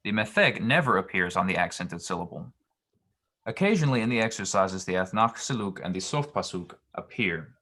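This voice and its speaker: A man teaching grammar in a very low, deep voice. He explains patiently and haltingly, with frequent ums and restarted phrases. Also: lively intonation, pushed and bright. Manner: hesitant, many ums and restarts. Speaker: Hebrew grammar tutor.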